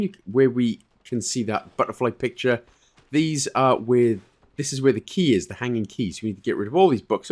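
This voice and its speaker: A man casually talking through a puzzle game walkthrough, relaxed and chatty, with fillers and quick self-corrections. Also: medium pitch. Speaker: game guide creator.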